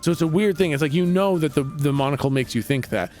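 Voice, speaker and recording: A man's voice: a little high, quick pace, a little mellow, faint music behind. A man narrating as game master of a tabletop game, rambling and casual. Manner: rambling, casual, with fillers and profanity.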